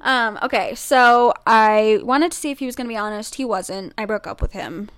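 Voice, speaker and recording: A woman's voice: a little high, moderate pace, smooth, no room sound. A young woman co-hosting a podcast, chatting casually and acting out the people in her story. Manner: animated storytelling, acts out quoted voices. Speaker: podcast co-host. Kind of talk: casual chat.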